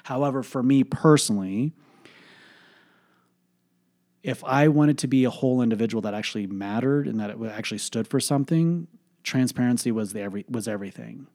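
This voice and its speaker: Talking fast in a dark, mid-range voice, a podcast host launches into a candid story from his own life. The delivery is blunt and forceful, full of profanity and fillers.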